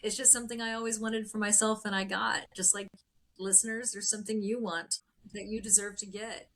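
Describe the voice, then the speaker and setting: A woman's voice: medium pitch, level tone, brisk, fairly bright tone. A middle-aged woman speaking as a podcast guest, emphatic and motivational, laughing easily. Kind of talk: interview podcast.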